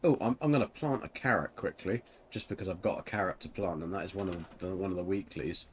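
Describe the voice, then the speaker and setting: A man's voice: low voice, fast talker, slight background noise. A man streaming a game and chatting casually with a teammate, rambling with lots of fillers and giggles. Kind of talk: casual chat while gaming.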